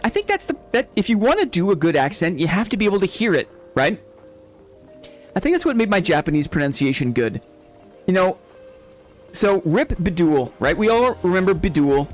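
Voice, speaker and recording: A man's voice: high voice, big pitch swings, brisk, soft background music. A young man hosting a casual live stream who rambles, laughs often and keeps asking "right?". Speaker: game streamer. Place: home streaming setup.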